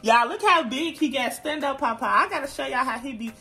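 A woman's voice: high voice, expressive, a little fast, bright, forceful tone, slightly rough. A young woman vlogging casually at home to her viewers, chatty and playful, full of slang. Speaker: vlogger and mother. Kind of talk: casual vlog talk to viewers. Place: home, indoors.

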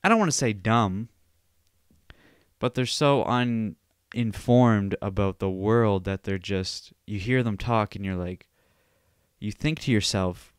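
A man's voice: on the low side, slow, smooth, no room sound, clean studio sound. Profane rambling male podcast host. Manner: profane, rambling, animated storytelling. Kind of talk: solo podcast rant.

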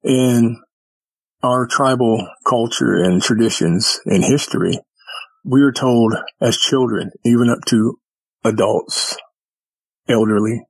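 A man's voice: medium pitch, slow, vocal fry, slightly rough, no room sound. A man guest telling his own encounter stories in a folksy, rambling way, acting out the voices of people he quotes. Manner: animated storyteller who acts out quoted dialogue. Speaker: podcast guest.

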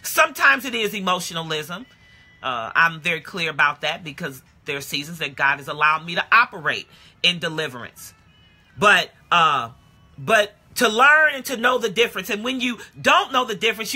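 A woman preacher giving an impassioned sermon, moving between shouting and quiet, plain talk. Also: lowish voice, expressive, normal speed, slightly rough. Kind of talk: live-streamed sermon.

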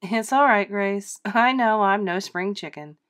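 A woman's voice: mid-range voice, measured pace, a bit bright, natural voice. A woman reading aloud, voicing an elderly grandmother with a hearty, amused way of talking in a storybook play. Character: warm good-humored elderly grandmother.

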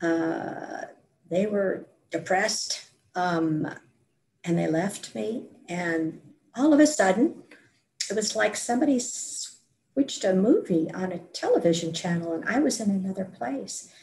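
A woman who is a podcast guest tells a personal story in a lively, self-mocking way, laughing now and then. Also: medium pitch, takes it slowly, vocal fry.

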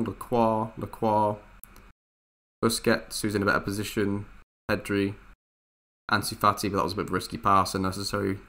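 A man's voice: on the low side, bright, forceful tone. A man giving frustrated, thinking-aloud commentary over a football management game, swearing now and then. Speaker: gaming youtuber. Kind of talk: gameplay commentary.

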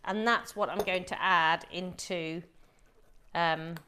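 A woman's voice: fairly low pitch, fairly even intonation, slow, noisy background. A middle-aged woman from Wolverhampton, England, hosting a live cooking show and chatting to viewers as she explains each step.

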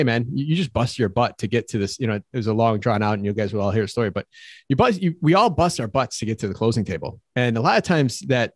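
A real estate broker co-hosts a casual podcast, and this man talks quickly and eagerly. He rambles with frequent restarts, and his voice sits dry and close with no room sound. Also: lowish voice, no echo. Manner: fast, enthusiastic, rambling with restarts.

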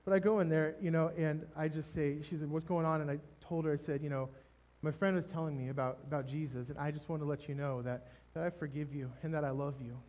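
A man preaching a sermon, telling a personal testimony in an emotional, halting way with many restarts. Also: a little high, steady tone, darkish tone. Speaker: pastor. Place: church stage.

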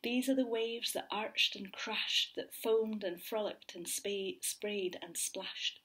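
A woman teacher reading a picture book aloud to young children, slow and gentle, often dropping to a whisper. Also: mid-range voice, breathy edge. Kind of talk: read-aloud storytelling for children.

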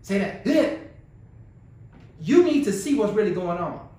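A male pastor preaching a sermon, swinging from low murmurs to high exclamations and firing rhetorical questions at the congregation. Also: very animated, unhurried, warm tone. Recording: very echoey church hall, voice far from mic.

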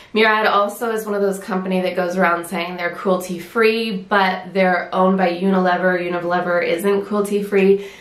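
A woman's voice: mid-range voice, roomy sound. A woman chatting casually through a beauty product review, a little winded, with many fillers and restarts. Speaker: beauty vlogger.

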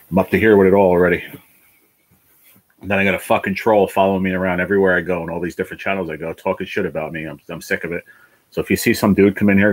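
Frustrated man with a deep, husky voice. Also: no room sound, low-quality recording. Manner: frustrated, rambling, swears often. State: ill, worn down. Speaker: livestream host. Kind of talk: casual livestream chat.

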